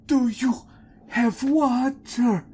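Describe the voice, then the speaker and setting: A man voicing desperate, parched dwarf villagers who plead in frantic, high, begging cries. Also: extremely slow, warm tone, breathy edge, exaggerated voice.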